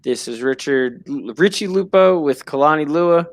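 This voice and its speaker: A man's voice: on the high side, unhurried, no echo. A dry-sounding man hosting a casual chat. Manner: animated, laughs easily, swears in retold quotes. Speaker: show host.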